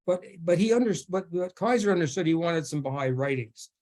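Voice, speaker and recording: A man speaking as a guest at a faith forum, telling a story in a halting way with many restarts and frequent laughter. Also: fairly high pitch, expressive, a little mellow. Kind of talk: storytelling talk.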